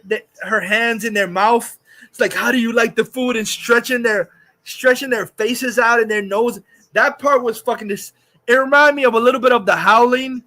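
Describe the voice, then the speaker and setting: A man's voice: high voice, sharp tone. A man hosting a livestream, ranting crudely and rambling about movies, laughing often. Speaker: streamer host. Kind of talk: casual livestream rant.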